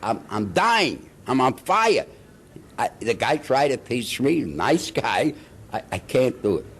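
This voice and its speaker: An older man, a veteran actor being interviewed, telling stories in an animated way, chuckling and acting out the people he quotes. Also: medium pitch, slow, slight background noise. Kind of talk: anecdotal storytelling.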